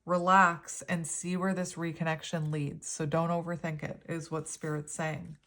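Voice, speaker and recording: Woman, 30s, tarot reader. Gentle, meandering, slightly low voice. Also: flat delivery, moderate pace. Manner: gentle, rambling, spiritual. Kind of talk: pick-a-card tarot reading.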